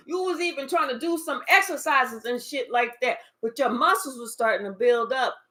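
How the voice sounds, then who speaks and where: A tarot reader with a high, sharp voice speaks at normal speed as she channels a card reading directly to the viewer. She's emphatic and swears freely, dropping quiet asides to spirit along the way.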